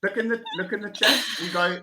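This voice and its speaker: A woman's voice: mid-range voice, brisk, pushed and bright, a little hiss or hum. A woman with a South African accent, tutoring English over a video call, patiently repeating words and laughing often. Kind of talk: one-on-one pronunciation lesson.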